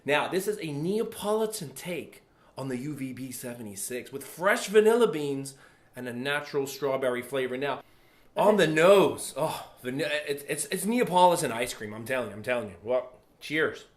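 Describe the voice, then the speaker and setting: A man tasting a stout on camera, gushing and repeating himself with excitement. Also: mid-range voice, moderate pace, roomy sound. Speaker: beer reviewer. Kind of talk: enthusiastic solo tasting.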